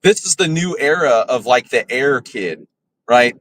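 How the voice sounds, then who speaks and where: Expressive and a little slow, a man with a mid-range, somewhat bright voice hosts a podcast amid slight background noise. His casual rant is heated and full of swearing, and he keeps asking "right?" after his points.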